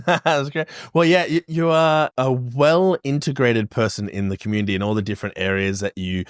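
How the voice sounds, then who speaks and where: A man co-hosting a podcast in casual chat, often giggling, warm and supportive in tone. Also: mid-range voice, steady tone, normal speed, clean tone, no room sound, studio quality. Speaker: podcast co-host.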